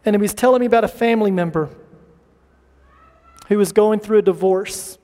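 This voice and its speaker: A man's voice: high voice, fairly quick, warm tone. A man preaching a sermon to his church, impassioned, sometimes acting out people pleading in prayer. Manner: impassioned, acts out pleading voices. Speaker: pastor. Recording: reverberant hall.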